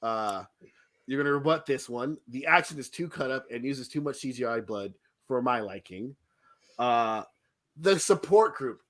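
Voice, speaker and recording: Bright-voiced man ranting about a movie. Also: mid-range voice, animated, moderate pace. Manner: blunt, jokey, laughs loudly. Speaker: podcast co-host. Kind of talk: casual movie review chat.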